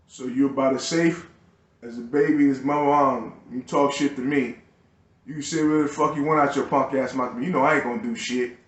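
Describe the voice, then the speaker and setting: A man's voice: a little high, a bit bright. Profane, agitated man ranting in an echoey room. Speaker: YouTuber. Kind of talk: angry ranting monologue.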